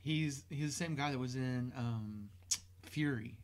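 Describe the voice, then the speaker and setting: A man's voice: medium pitch, measured pace. A man co-hosting a podcast in casual chat, laid-back, with folksy exclamations. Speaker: podcast co-host.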